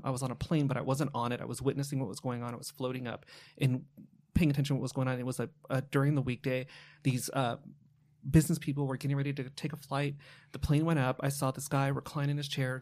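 A man's voice: medium pitch, flat delivery, a little mellow. A man, a psychic medium guest on a podcast, telling vivid dream stories in casual chat, with some swearing. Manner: rapid, vivid storytelling with swearing.

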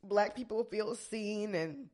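A woman's voice: medium pitch, a little mellow. Female podcast co-host, mid-range voice, choked up with happy tears, earnest. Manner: emotional, earnest, quick bursts. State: tearful. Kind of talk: casual podcast chat. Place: small home studio.

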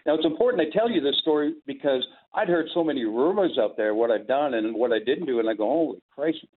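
A man's voice: mid-range voice, expressive, fast. An older man tells rambling stories and chuckles through them, acting out the lines of the people in them. His voice comes through a thin, tinny, phone-like line. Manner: chuckling, rambling anecdotes with quoted dialogue. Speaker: podcast guest, former sportscaster. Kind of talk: casual storytelling.

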